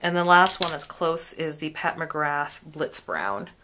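A woman with a notably low-pitched voice talks through makeup swatches in a relaxed, chatty way. She fills her sentences with "like" and "um" as she compares products for her viewers. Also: slow pace, a little hiss or hum. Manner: chatty, many "like" and "um" fillers. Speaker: beauty vlogger. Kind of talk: casual product review.

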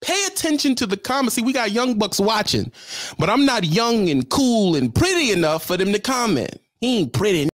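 A man's voice: sits high, big pitch swings, moderate pace, no echo. A middle-aged man, a truck driver, telling a comic story in a chatty, slangy way and talking straight to his viewers.

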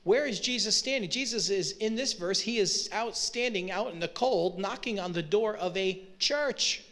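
A man with a notably high-pitched voice preaching a sermon, working through scripture verse by verse. He talks to the congregation in a conversational way, checking in with rhetorical questions as he explains. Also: moderate pace, fairly bright tone. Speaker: pastor.

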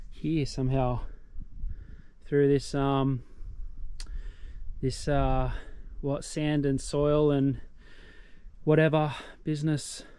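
A man's voice: a little high, darkish tone, clear, resonant tone. A young Australian man vlogging casually outdoors on a mountain, a little out of breath, rambling and poking fun at himself. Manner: chatty, self-deprecating, rambling asides. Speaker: travel vlogger. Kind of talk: casual travel vlog.

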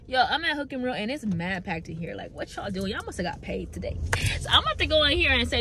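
High, lively-voiced woman vlogging. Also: brisk, slight background noise, rough recording. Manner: chatty and playful, bursts into song. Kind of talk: casual vlog chat. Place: in a car.

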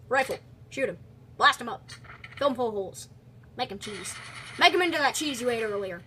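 A young woman commenting on a video game she is playing, excitable, with quick exclamations and teasing of the character on screen. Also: on the high side, a little hiss or hum. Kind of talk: let's play commentary.

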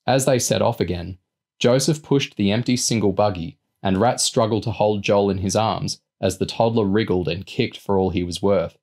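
Low male narrator, steady novel reading. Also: normal speed. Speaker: reader. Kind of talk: audiobook reading.

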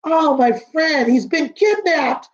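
A fearful little storybook animal, as a woman reads it out, speaking slowly with worry. The voice is high and the sound dull. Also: expressive.

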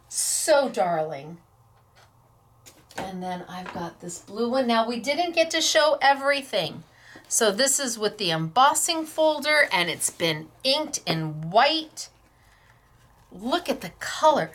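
A middle-aged woman with a slightly high voice hosts a craft video from her own store. She talks slowly and fondly, gushing over handmade pieces and laughing often. Her tone is emotional and warm with delight. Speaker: craft store owner and host. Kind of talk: unboxing and showing crafts on a class video.

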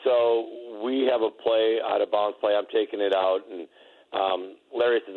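A man recalling a teammate's game story in a halting way, with many restarts. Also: fairly low pitch, steady tone. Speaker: former teammate. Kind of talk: casual storytelling. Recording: slightly dull, lo-fi audio.

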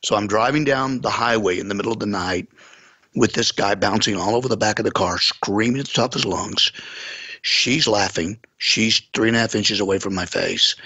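A man with a fairly low, husky voice tells a story on a podcast, lively and forceful in delivery. The sound is dry and close, with no room around him. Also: dry recording. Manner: vivid, animated retelling. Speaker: pastor.

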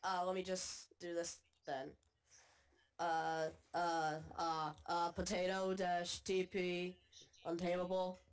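A woman's voice: lowish voice, little pitch movement, slow, a little hiss or hum. A young woman co-playing a video game, chatting casually and a little hesitant, giggling now and then. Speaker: co-player. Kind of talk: casual gaming chat.

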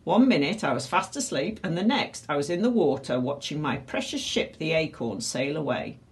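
A woman's voice: low-pitched, sing-song, moderate pace. Lady doing a weepy blustery pirate captain, voice swooping all over, storybook read-aloud. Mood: tearful. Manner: tearful, blustering. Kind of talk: storybook reading.

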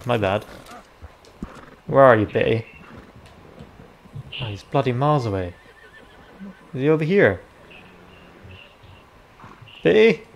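A young man chatting casually over his gameplay, reacting out loud and swearing freely. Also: medium pitch, slight background noise. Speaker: gaming video creator.

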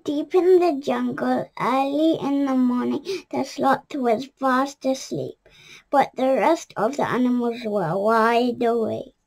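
A woman's voice: high-pitched, slow pace, creaky, darkish tone. A woman reading a children's picture book aloud, careful and with small restarts. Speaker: storyteller.

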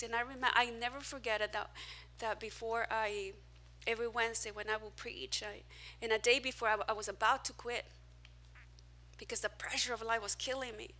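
A woman pastor preaching a sermon in a church, animated and self-mocking, swinging between loud and soft. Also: a little high, a little fast. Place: church hall, preaching to a small crowd.

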